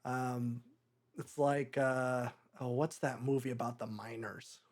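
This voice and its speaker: A man's voice: mid-range voice, little pitch movement. Rambling young man reviewing a movie. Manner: rambling, halting with many fillers. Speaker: podcast co-host. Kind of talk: casual movie review chat.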